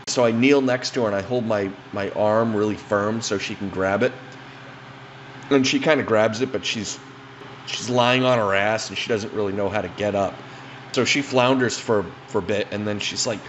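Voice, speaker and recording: A man's voice: on the low side, normal speed, muffled recording, a little hiss or hum. A man telling a funny anecdote in a rambling, profane, casual way. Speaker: storyteller.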